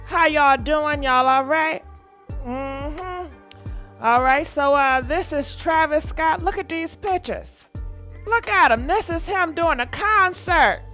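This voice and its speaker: High, bright-voiced woman streamer. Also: slow pace, faint music behind. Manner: chatty, addresses viewers directly. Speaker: livestream host. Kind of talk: casual commentary.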